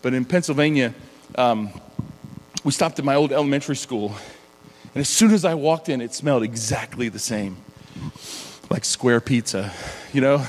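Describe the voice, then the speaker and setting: A middle-aged man preaching a conversational sermon, animated and chatty, often laughing between sentences. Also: mid-range voice, moderate pace, pauses often. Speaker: pastor. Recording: long hall reverb.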